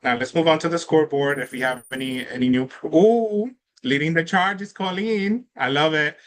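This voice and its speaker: A man's voice: fairly high pitch, normal speed. Upbeat man hosting a trivia quiz. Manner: upbeat and chatty, laughing often. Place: online event with participants in chat.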